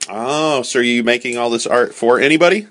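A man's voice: mid-range voice, brisk, fairly bright tone. A man hosting a casual morning chat with a child, playful and jokey, laughing often. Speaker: host.

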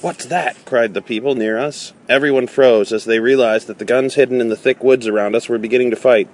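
A man reading a novel aloud in a measured way, with small slips and restarts. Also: medium pitch, steady tone. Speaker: audiobook reader.

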